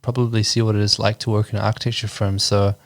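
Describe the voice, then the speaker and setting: A man in his thirties from New Zealand with a New Zealand accent, a guest architect chatting casually in an interview with relaxed, hesitant speech full of ums. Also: lowish voice, fast, no room sound, studio quality.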